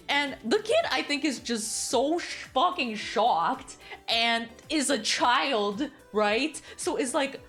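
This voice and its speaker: A woman streamer chatting casually, animated and giggly, who swears freely as she retells a story. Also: high voice, takes it slowly, soft background music. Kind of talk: casual chat.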